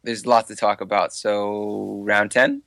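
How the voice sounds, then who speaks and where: A man's voice: on the low side, flat delivery, a little slow, creaky, fairly bright tone, no room sound. A man co-hosting a casual movie podcast, animatedly acting out scenes. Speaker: podcast co-host.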